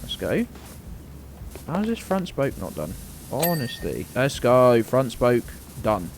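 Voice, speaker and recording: A man's voice: medium pitch, big pitch swings, slow, vocal fry, a little hiss or hum. A British man giving casual, sarcastic and sweary commentary while streaming a video game. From Britain.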